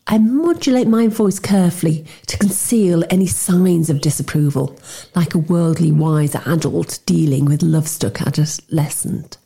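A woman reading a first-person novel aloud as an audiobook narrator, wry and expressive. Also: sits low, moderate pace, gravelly, breathy edge. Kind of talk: scripted narration.

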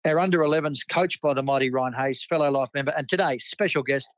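A man's voice: medium pitch, fast, a bit bright, no room sound, muffled recording. An Australian man hosting a local sports club roundup, enthusiastic and matey. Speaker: club host.

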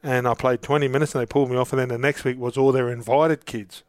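A man's voice: medium pitch, level tone, fast, no echo. A middle-aged Australian man, an interview guest, telling long casual anecdotes with lots of restarts. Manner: rambling anecdotes with many restarts. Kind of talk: casual storytelling.

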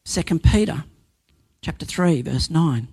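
A man's voice: a little high, expressive, a little slow, gravelly, warm tone, husky, no echo. A man preaching a sermon, earnest and emphatic, building points through repetition and sometimes restarting a phrase.

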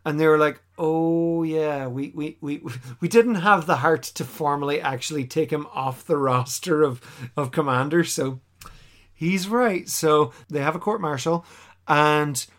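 A man casually recapping a TV episode on a podcast, animated and quick to act out the characters' lines. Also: a little high. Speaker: podcast co-host.

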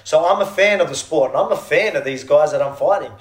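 A man's voice: on the high side, expressive, quick pace. An Australian man talking eagerly as an interview guest, often restarting his sentences. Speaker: fighter guest. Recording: echoey room.

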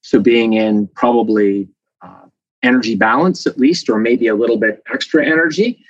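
A man who is a professor, explaining things as a guest in a casual interview with a lively, chatty manner and many fillers. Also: medium pitch, moderate pace, no echo. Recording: dull dry lo-fi sound.

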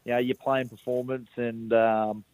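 A man's voice: medium pitch, flat delivery, normal speed, a little mellow, no room sound, rough recording. A young man with a rural Australian accent, a rugby league player, talking casually by phone in a radio interview and laughing easily at himself. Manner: laid-back, self-mocking, laughs easily.

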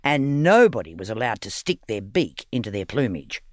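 A man narrating a children's audiobook story in an expressive, playful reading. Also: medium pitch, normal speed, no echo, studio quality.

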